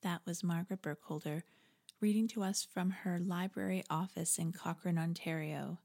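A woman hosting a reflective faith podcast, talking in a conversational, wry way with animated asides. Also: lowish voice, moderate pace, gravelly. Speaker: podcast host. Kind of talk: reflective spoken commentary.

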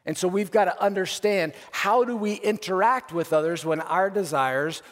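A man preaching to a church congregation, talking in a loose, lively way and often doubling up words as he goes. His voice sits fairly high for a man. The sound carries a long echo off the walls of a big worship hall. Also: moderate pace. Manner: casual, energetic, with frequent filler and repeated words. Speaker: pastor. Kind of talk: sermon. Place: large church auditorium.

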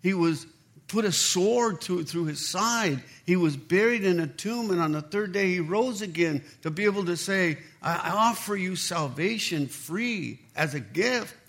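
Pastor, man, high voice, energetic storyteller who plays out the dialogue in his sermon. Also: a little slow. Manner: animated storytelling, acts out quoted dialogue.

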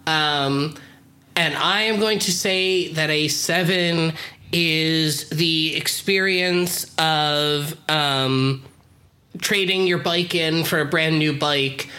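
A man's voice: fairly high pitch, takes it slowly. A man hosting a podcast, chatting casually and wryly with his co-host. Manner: relaxed, wry, asks co-host for ratings. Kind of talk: casual chat.

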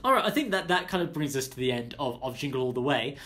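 A man's voice: medium pitch, lively intonation, fast talker, bright, forceful tone. A man co-hosting a casual podcast chat, playful and easily amused. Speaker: podcast co-host.

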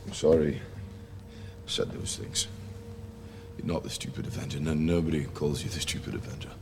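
An actor playing a hot-headed, grieving male warrior god who shouts in frustration and then apologizes sheepishly. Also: rumbling low, fairly even intonation, moderate pace, over music. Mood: apologetic. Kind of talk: film dialogue. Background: film score.

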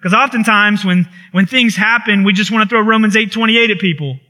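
A man delivering a sermon in a high, bright voice. He preaches with passion, repeating phrases as he builds intensity. His delivery is earnest and pastoral. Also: a little fast. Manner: impassioned preaching with rising intensity and repetition.

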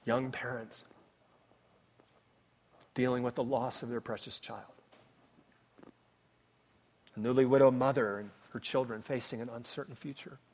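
Impassioned pastor preaching in a big hall. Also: male voice, medium pitch, steady tone, a little slow, pauses often. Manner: impassioned, swinging from loud cries to hushed tones. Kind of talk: sermon. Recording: long reverb of a large hall.

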